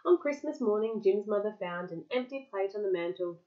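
A woman reading a picture book aloud to a child, lively, pausing to explain words and answer questions. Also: medium pitch, dull audio.

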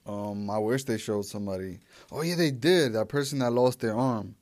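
Here a young adult podcast host talks at a normal speed in a fairly low, somewhat mellow voice, with no room sound. Working solo, he rambles loosely with profanity, frequent fillers, and many restarts.

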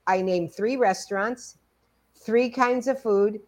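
A woman in her sixties co-hosting a podcast, telling stories in a casual, animated way. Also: on the high side, slow. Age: 60s. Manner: animated storytelling, acts out quoted dialogue. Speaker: podcast co-host. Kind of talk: casual conversation.

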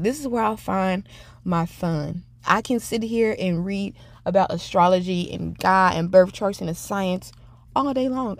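Chatty woman with a low voice. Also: no echo. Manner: chatty, rambling, self-reflective. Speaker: podcast host. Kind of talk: casual solo podcast monologue.

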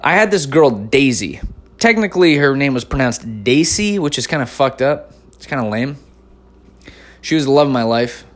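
A man's voice: medium pitch, moderate pace. Guy from north carolina doing stand-up, lots of swearing, voice jumps all over. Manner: animated, swears a lot, swings between loud outbursts and mumbled asides. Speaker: stand-up comedian. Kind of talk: profane comic storytelling.

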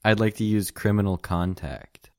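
A man's voice: lowish voice, moderate pace, no room sound, clean studio sound. A man playing a tabletop game, joking around in casual chat. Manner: joking, laughing easily. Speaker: player.

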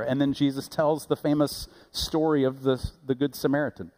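A man pastor preaching a sermon, animated and rising loud on key points, with quick asides and self-corrections. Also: medium pitch.

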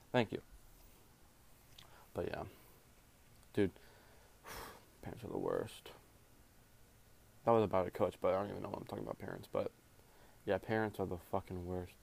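A man's voice: low-pitched, vocal fry, a little mellow, slight background noise. A young man, a jiu-jitsu referee, ranting in a casual, rambling way, full of swearing and slang. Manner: profane, rambling, heavy slang.

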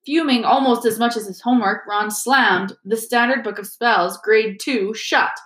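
A woman reading a children's chapter book aloud in a gentle storytelling manner. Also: fairly high pitch, moderate pace. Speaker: reader. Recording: echoey room.

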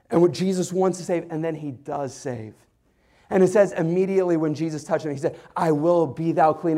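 A young man preaching a sermon as a pastor, telling a story in an animated way with many restarts and fillers. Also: on the high side. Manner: animated storytelling, rising to excited shouts.

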